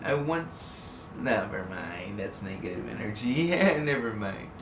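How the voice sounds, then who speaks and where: A man's voice: medium pitch, lively intonation, a little slow, over music. A man hosting a casual live stream, playful and laughing often as he greets viewers in the chat. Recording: echoey, distant mic, faint background noise.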